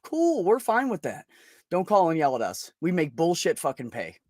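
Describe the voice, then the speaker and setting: A man's voice: on the high side, huge pitch swings, normal speed, a little mellow, no room sound, clean studio sound. A middle-aged man hosting a podcast, venting bluntly in casual chat with heavy swearing. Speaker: podcast host.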